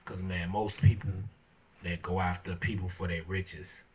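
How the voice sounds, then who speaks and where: Guy rambling casually, real low voice, kinda far off the mic. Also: little pitch movement, unhurried, a little mellow, slight background noise. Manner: laid-back, fillers like "you know what I'm saying", swearing. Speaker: podcast host. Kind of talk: casual monologue.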